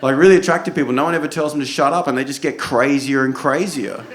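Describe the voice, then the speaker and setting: A man's voice: medium pitch, quick pace. A man with an Australian accent doing stand-up in a comedy club, talking in a loose, profane, conversational way. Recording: echoey club with audience noise.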